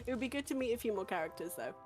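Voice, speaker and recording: A woman's voice: fairly high pitch, animated, rapid-fire, over music. Hesitant woman co-host, filler-heavy. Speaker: co-host of a game stream. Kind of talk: casual stream chat.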